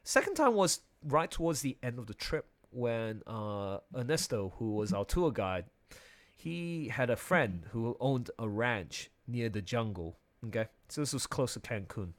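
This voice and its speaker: A young man telling a personal story in casual conversation, animated, often laughing and restarting his sentences. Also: mid-range voice, measured pace.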